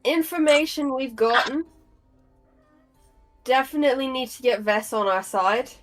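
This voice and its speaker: Slow, musing woman player. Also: high voice, a bit bright, soft background music, poor audio. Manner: thinking aloud with many fillers. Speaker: player and note taker. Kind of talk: casual tabletop game chat.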